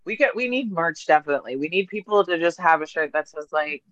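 A woman's voice: low-pitched, expressive, quick pace, a bit bright, no echo, lo-fi sound. A woman co-hosting a podcast, telling stories in a chatty, playful way with lots of fillers. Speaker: podcast co-host. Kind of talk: casual chat.

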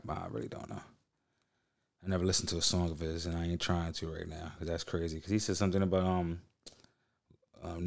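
A man's voice: deep voice, darkish tone. A man hosting a podcast, reacting to clips in casual, slangy, profane talk. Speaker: podcast host.

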